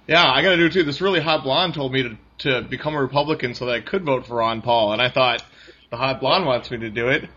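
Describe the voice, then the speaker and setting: A man's voice: mid-range voice, fast, bright, forceful tone. A man chatting casually about politics, rambling, laughing often and mimicking other people's voices. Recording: dull lo-fi recording.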